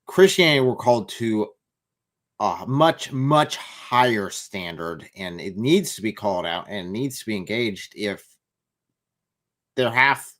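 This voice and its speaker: A man joining a livestream discussion, speaking bluntly and forcefully. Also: on the low side, animated, a little slow. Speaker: guest commentator.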